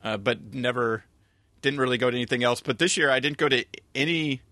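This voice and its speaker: A man's voice: mid-range voice, fairly quick, sharp tone, dry recording. A man co-hosting a podcast in casual chat, rambling and correcting himself as he goes. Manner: rambling, self-correcting, chuckles often. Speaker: podcast co-host.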